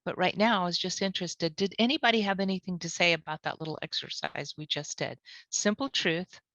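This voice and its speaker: A woman trainer leading a guided tapping lesson, calmly repeating short phrases as she walks through the points. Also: fairly low pitch, no echo. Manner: calm, repeats phrases slowly. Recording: dull lo-fi audio.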